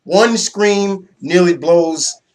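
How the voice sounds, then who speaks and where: A young man giving a casual, excitable comic book review, loose and swearing freely. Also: high voice, drawn-out words.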